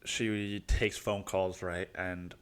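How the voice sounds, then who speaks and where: A man's voice: low voice, little pitch movement, takes it slowly, clean tone. A man from Mexico hosting a solo podcast, rambling casually, swearing a lot and calling the listener dude. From Cancun, Mexico. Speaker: podcast host.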